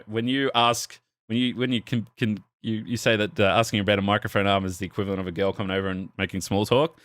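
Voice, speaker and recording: On a dry, studio-quality recording from a desk mic on an arm, a young man with a lowish, somewhat bright voice co-hosts a podcast. In this casual storytelling chat, he recounts a night at a bar with lots of swearing and laughter, imitating the voices of everyone involved.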